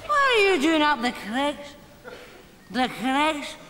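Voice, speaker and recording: A boozy, cackling Glasgow neighbour. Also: female voice, sits high, sing-song, normal speed. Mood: tipsy. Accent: Glaswegian Scottish. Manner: tipsy, cackling, cheeky. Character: boozy, cheeky older neighbour woman. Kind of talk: live stage sitcom performance. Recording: reverberant live stage with loud audience noise.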